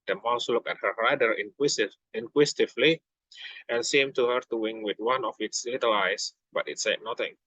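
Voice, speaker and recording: Young man, student reader, bright tone, halting, slips and self-corrections, dry close sound. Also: medium pitch, breathy edge, dry recording, low-quality recording. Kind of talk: reading a children's book aloud.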